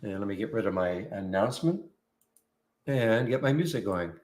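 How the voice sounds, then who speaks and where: A fairly low-voiced man hosts a live trading room. He rambles and corrects himself as he talks through his trades. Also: animated, moderate pace, a little mellow. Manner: chatty, rambling, self-correcting.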